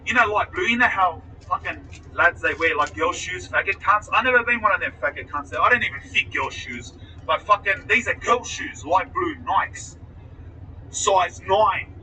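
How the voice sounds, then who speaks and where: A high-pitched, very bright man telling a story with crude, animated energy. He slips into other people's voices as he goes. His voice comes from some distance off the mic. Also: moderate pace, a little hiss or hum. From Australia. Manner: profane, animated, acts out the other people's lines. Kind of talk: casual storytelling.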